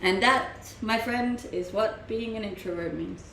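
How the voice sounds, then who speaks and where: This young Danish-accented woman from Denmark takes viewers' questions on a casual home live stream, laughing frequently. Her fairly high voice is a bit bright and keeps a measured pace. A little hiss or hum shows up in the roomy home-mic sound.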